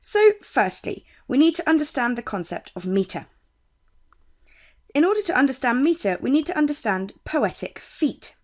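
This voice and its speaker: A young woman with a British accent, tutoring on poetry in a clear, measured way. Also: high voice, very animated, a little mellow. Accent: British English. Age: young adult. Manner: clear, measured teaching with quoted lines read slowly. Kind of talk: explaining poetry terms.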